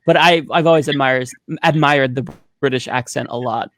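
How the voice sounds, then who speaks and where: A man's voice: mid-range voice, moderate pace, a bit bright. A man chats as a guest on a political talk show. He sounds friendly and enthusiastic and rambles a little. The recording is dry, with no room echo. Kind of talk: casual interview chat.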